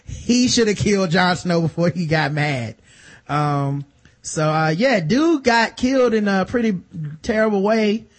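Co-hosting a podcast, a man with a voice that sits high recaps a TV episode in an unhurried, casual way. He gets animated, laughing and performing the characters with exaggerated comic voices.

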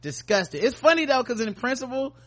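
A man's voice: fairly high pitch, normal speed, slight background noise. A man co-hosting a podcast, reading news stories aloud and joking about them with crude, profane humor. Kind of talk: casual comedic chat and news reading.

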